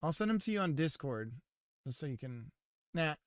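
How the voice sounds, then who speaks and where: A man's voice: a little high, big pitch swings, normal speed. A man streaming live while working on his game, chatting casually and teasing his viewers. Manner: joking, teasing his chat.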